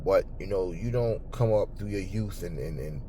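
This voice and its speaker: A man hosting a boxing talk channel, ranting angrily and profanely at commenters, stumbling over repeated words when worked up, then cooling into calmer talk. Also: moderate pace, a little hiss or hum. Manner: calmer and lower later on. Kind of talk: angry unscripted rant to camera.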